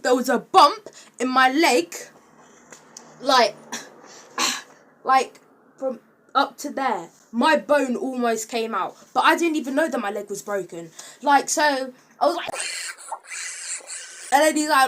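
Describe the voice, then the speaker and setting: A woman's voice: high voice, animated, measured pace, a bit bright. A young woman telling a casual, rambling storytime with lots of filler words. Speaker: vlogger.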